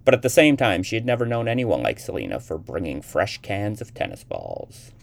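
Deep-voiced male reader with fry and animated pitch for a short story narration. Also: fairly quick. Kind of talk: reading a short story aloud.

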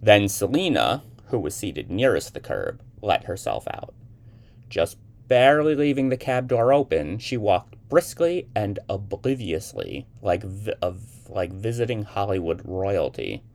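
Deep-voiced male reader with fry and animated pitch for a short story narration. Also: unhurried. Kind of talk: reading a short story aloud.

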